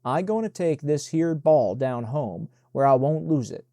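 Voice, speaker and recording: A man reading the part of a stubborn young boy, bossy and easily scared, in a mellow, dry voice. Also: on the high side, animated, measured pace, dry recording.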